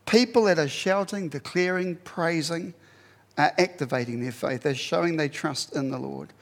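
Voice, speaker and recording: A man preaching a sermon in a church hall, animated, swinging from loud emphasis to quiet asides. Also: a little high, moderate pace, creaky. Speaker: pastor.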